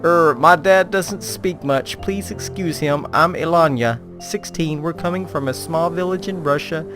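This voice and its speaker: A man's voice: fairly high pitch, measured pace, fairly bright tone, soft background music, voice pushed up. A man voicing a shy, earnest teenage girl in a raised voice. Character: shy teenage girl apologizing for her father.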